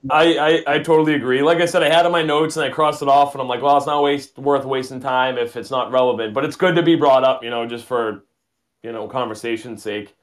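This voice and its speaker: A man's voice: medium pitch, fairly even intonation, fairly quick. A man co-hosting a casual movie podcast, chatty and laughing often as he works from his notes. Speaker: podcast co-host. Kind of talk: casual movie review chat.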